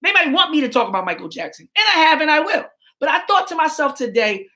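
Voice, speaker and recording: A woman hosting her channel, reading documents aloud with animated asides. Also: sits high. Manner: animated, slows down for quotes, playful asides. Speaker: channel host.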